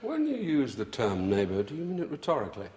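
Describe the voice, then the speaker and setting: An actor playing a senior male consultant who speaks in a measured, lecturing way. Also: mid-range voice, huge pitch swings, darkish tone. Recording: roomy reverb.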